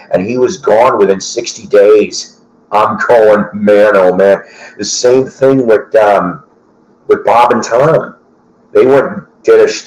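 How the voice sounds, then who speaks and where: A man's voice: on the low side, a little mellow. A middle-aged man hosting a casual chat, rambling and conversational with lots of fillers and restarts. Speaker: host. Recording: roomy echo.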